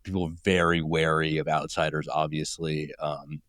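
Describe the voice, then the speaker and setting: A man's voice: rumbling low, flat delivery, moderate pace, fairly bright tone, no echo, clean studio sound. A male journalist from California with a Californian accent, rambling as a guest and acting out people he met. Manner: rambling, acts out quoted people. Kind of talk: casual interview talk.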